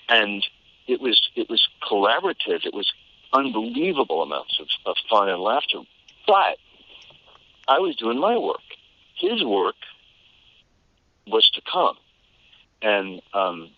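Deep-voiced man on a tinny line. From United States. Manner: animated storyteller, laughs often, frequent restarts. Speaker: voice actor guest. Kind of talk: casual interview chat.

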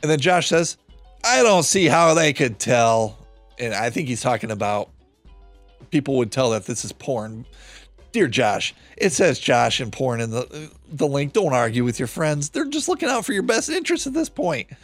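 Animated sarcastic male podcast host. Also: mid-range voice, normal speed, dry recording, faint music behind. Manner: animated and sarcastic, swears freely; reads out chat logs, acting the lines. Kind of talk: true-crime podcast commentary.

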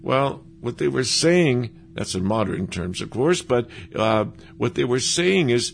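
A man preaching a sermon, lively and animated, acting out the voices of the people he quotes. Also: mid-range voice, unhurried, creaky, hardly any pauses, slight background noise.

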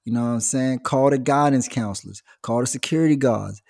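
A man delivering a slangy comic monologue, telling stories and slipping into quick voices. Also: mid-range voice, gravelly. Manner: animated slangy storytelling, jumps into voices. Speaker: comedian. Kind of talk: stand-up style comic monologue.

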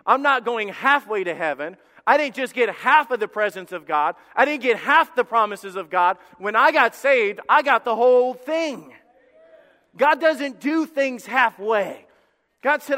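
A pastor preaching a sermon to his congregation, swinging between loud bursts and quiet moments. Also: very high-pitched, animated, unhurried. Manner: preaching with dramatic shifts in volume, acting out God's voice. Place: church sanctuary with congregation. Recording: reverberant hall.

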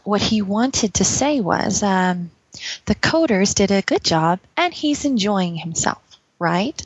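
In a recorded listener message, a woman translates for her husband in a dry, teasing, mock-scolding way. Her voice is medium-pitched and animated with a breathy edge, and she speaks slowly. The audio is lo-fi with no room sound.

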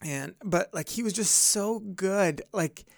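Male pastor-host, gravelly but smooth, dry close sound, earnest and rambling. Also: high-pitched, slow, no echo. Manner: rambling, earnest, many fillers and restarts. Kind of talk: casual podcast discussion.

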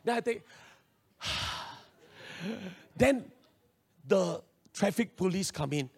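Animated high-voiced Singaporean pastor. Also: male voice, extremely slow, breathy edge. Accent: Singaporean English. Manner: animated storytelling with local slang and acted-out voices. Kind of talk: sermon with personal story.

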